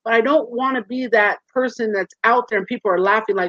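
A woman's voice: on the high side, brisk, no room sound. Earnest woman on a muffled call. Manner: earnest and animated, acting out quoted voices. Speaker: guest. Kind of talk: candid personal interview. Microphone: video call. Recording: dull muffled lo-fi sound.

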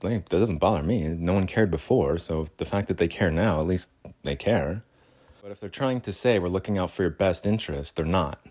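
Brief: agitated male podcast host, very low voice, rambling frustrated monologue at home. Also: a little mellow. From Utah. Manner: agitated, exasperated, rambling with many restarts. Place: home with cats.

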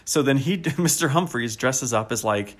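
A man co-hosting a podcast in casual chat, animated and enthusiastic, laughing often and using a lot of fillers. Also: medium pitch, normal speed, a little hiss or hum. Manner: frequent fillers such as "like". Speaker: podcast co-host.

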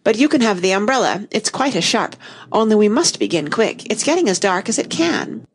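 A woman voicing a boastful, excitable little fat man, eager and shrill. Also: brisk, husky. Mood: excited. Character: excitable boastful boy twin Tweedledum.

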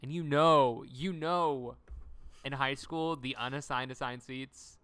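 A woman co-hosting a podcast, chatting casually about a TV episode and acting out lines in quick impressions. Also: a bass voice, clear, resonant tone. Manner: animated, acts out character lines in quick impressions. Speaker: podcast co-host. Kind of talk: casual chat recapping a TV episode.

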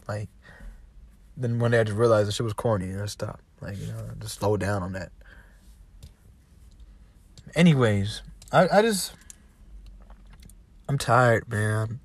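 A man's voice: on the low side, measured pace, pauses often, slightly rough, dry recording. Young male podcast host with AAVE speech, passionate and profane, dry room. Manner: swings from yelling to quiet, heavy cursing. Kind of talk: impassioned monologue rant.

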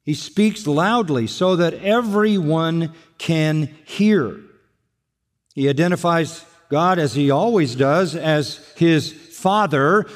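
An older man preaching a sermon as a pastor, emphatic and fond of repeating his phrases. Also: fairly high pitch. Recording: long reverb of a large hall.

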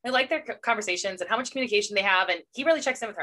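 A woman's voice: mid-range voice, lively intonation, very fast, sharp tone. A woman co-hosting a casual book podcast, talking enthusiastically and reacting with playful groans of disgust. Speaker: podcast co-host.

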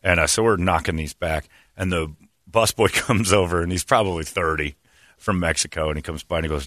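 A man with a low but bright voice tells a comic story, rambling and animated and laughing as he goes. His pitch swings widely, and the recording is close and dry. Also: a little fast, no echo. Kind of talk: comedic storytelling.

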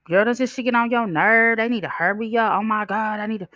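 A woman's voice: fairly high pitch, fairly quick, pushed and bright, dry recording, clean studio sound, voice pushed up. A woman voicing an impatient shopper who keeps complaining while waiting in line. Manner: complaining, huffy.

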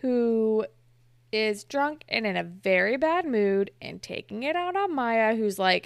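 A woman's voice: on the high side, animated, measured pace, creaky, clean tone, dry recording, studio quality. A young woman co-hosting a podcast, recapping a TV episode in casual chat and animatedly acting out the characters, with the odd swear and laugh. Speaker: podcast co-host.

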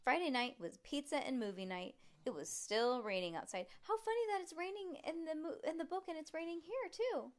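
A woman reading a children's book aloud at home, voicing the characters in a lively way and stopping to chat and laugh with a child. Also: sits high, brisk, few pauses. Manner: lively, voices the characters, chats and laughs between passages. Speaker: reader.

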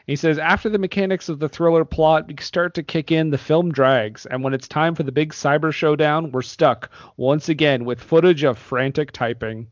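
A man's voice: on the high side, fairly even intonation, normal speed, few pauses, dry recording, dull audio. Giggly man hosting a movie podcast. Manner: laughs often, reads reviews aloud. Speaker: podcast host. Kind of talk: casual movie podcast chat.

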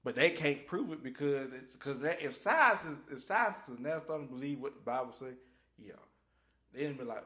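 Speaking at a normal speed in a medium pitch, this man co-hosts a laid-back podcast about faith. His Bible storytelling is lively, full of acted-out voices and shouts.

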